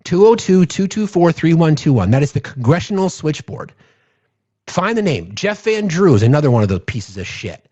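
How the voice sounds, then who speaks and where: Male streamer, husky voice, fiery profane pep talk, dull lo-fi audio. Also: a little high, sing-song, moderate pace, dark tone. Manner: urgent, profane, rallying, repeats phrases for emphasis. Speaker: political livestream host. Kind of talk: impassioned live-stream monologue.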